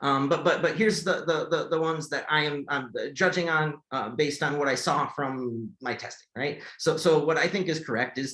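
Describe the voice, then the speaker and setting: A man talks through an accessibility test on a shared screen, in a voice pitched a little high for a man. He stumbles, repeats himself and restarts phrases as he explains. The room gives him a noticeable echo. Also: fairly bright tone. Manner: halting, repeats words and restarts often. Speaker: accessibility tester and presenter. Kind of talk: screen-share tutorial walkthrough. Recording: echoey room.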